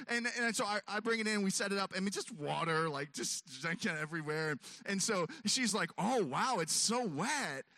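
A man's voice: high-pitched, fairly quick, hardly any pauses, bright, forceful tone, no echo. A man telling a long self-mocking story on stage, acting out his own voice and others' as he goes. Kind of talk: stand-up storytelling.

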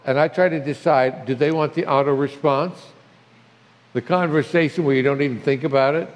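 A man's voice: a little high, moderate pace, highs cut off. An older man preaching a conversational sermon as a pastor, reading scripture with feeling. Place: church sanctuary. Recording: long hall reverb.

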